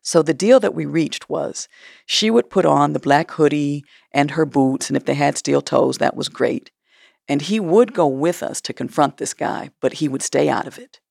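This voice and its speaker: A woman's voice: low voice, moderate pace, vocal fry, darkish tone, no room sound, clean studio sound. A woman recounting a personal story in a blunt, matter-of-fact way.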